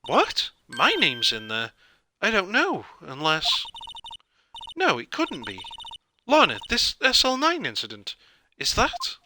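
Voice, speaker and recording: A man voicing an anxious young female detective, asking high, startled questions. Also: huge pitch swings, slow, long pauses, background noise, full character voice. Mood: alarmed.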